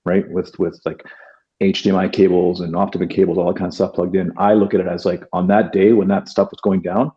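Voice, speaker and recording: A man from Canada, a podcast guest, speaking in an earnest, halting way with many fillers and restarts. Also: low-pitched, level tone, dull audio. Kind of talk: reflective interview talk.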